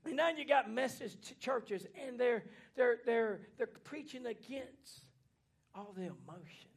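High-pitched fiery male preacher. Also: lively intonation, unhurried, creaky, husky. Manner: folksy, plainspoken, swings from hushed to shouting. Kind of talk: fiery Pentecostal-style sermon. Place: church.

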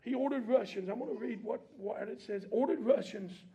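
A man preaching a sermon in a church, speaking casually and drawing out responses from the congregation, and building from quiet reading to shouted preaching. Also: high-pitched, brisk, muffled recording. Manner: colloquial preaching with call-and-response.

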